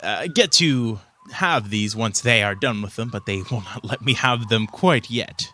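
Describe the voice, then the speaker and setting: A man voicing a curious, sly male elf tinkerer in robes, speaking slowly and formally in a tabletop game. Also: on the low side, bright, forceful tone, a little hiss or hum. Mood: eager. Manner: slow, drawn-out, formal speech.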